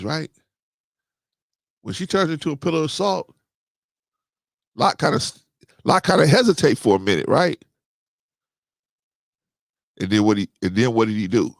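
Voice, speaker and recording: A man's voice: gravelly, no echo, studio quality. A man casually reading and joking through scripture as host, laughing often and preaching in bursts. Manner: preachy storytelling with sudden pitch jumps. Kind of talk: casual comic Bible commentary.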